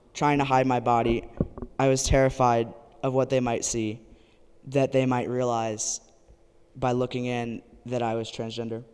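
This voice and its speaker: A man's voice: medium pitch, darkish tone, clean tone, in a large hall. Earnest young man telling a story. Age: young adult. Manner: earnest, with wry asides. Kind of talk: personal story told live. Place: stage at a live event.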